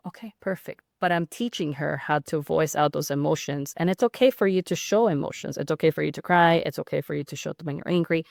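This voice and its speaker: A woman of Hispanic background, a pediatric sleep consultant, appears as a guest in a casual podcast interview, explaining at length in a rambling, conversational way full of fillers and restarts. Her deep, gravelly, slightly mellow voice runs fast with hardly any pauses, in a dry, clean studio recording.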